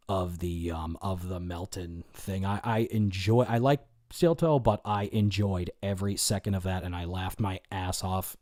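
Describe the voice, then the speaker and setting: A man's voice: on the low side, a little mellow, no echo, studio quality. A man hosting a casual livestream, answering his chat in a rambling, profane way, full of fillers and restarts. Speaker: livestream host.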